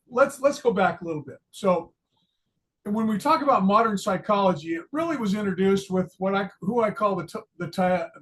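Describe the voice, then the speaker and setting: An older retired man giving a casual psychology lesson, chatty and joking about himself, with many ums and restarts. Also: sits high. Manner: chatty, self-deprecating, many fillers and restarts. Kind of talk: casual lecture video.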